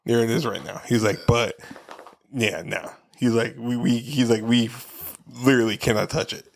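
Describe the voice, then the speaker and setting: A man co-hosting a podcast, telling a story in casual, profane chat and acting out the people he quotes with animated, shifting voices. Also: mid-range voice, moderate pace, gravelly. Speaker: podcast co-host.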